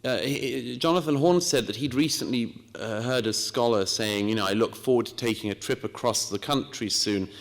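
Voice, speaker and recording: A man from Britain giving a measured, storytelling lecture with quoted asides. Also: medium pitch, long reverb tail. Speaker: speaker. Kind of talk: lecture talk.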